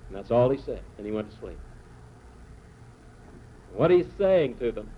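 Male preacher with a lively, rising-and-falling delivery; dramatic storyteller; thin phone-like audio with faint hiss. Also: mid-range voice. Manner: dramatic storytelling with slow emphatic phrases. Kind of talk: sermon. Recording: tinny phone-like sound with faint noise.

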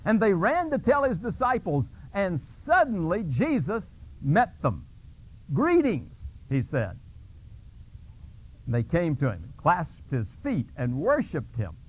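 Male pastor, sermon delivery, slightly high voice, animated storytelling. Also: measured pace. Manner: dramatic storytelling with sudden pitch jumps; restarts and fillers when explaining.

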